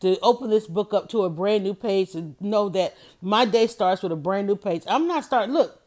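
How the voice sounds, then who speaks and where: On her motivational livestream, a middle-aged woman keeps instructing viewers to write things down. Her preachy, animated delivery has a medium pitch and a moderate pace.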